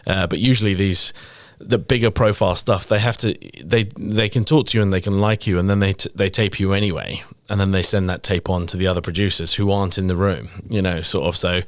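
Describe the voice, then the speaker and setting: A British man in his forties, an actor, talking in a relaxed, rambling and self-deprecating way with many fillers. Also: low voice, fairly quick, few pauses, no room sound. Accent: British English. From England. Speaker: guest actor. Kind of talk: casual interview chat.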